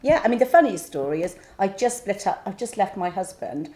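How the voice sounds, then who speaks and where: A woman's voice: mid-range voice, expressive, fairly quick, dark tone. A middle-aged woman, chatting casually and telling anecdotes from running a lingerie shop. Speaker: co-host, former lingerie shop owner. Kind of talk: casual chat.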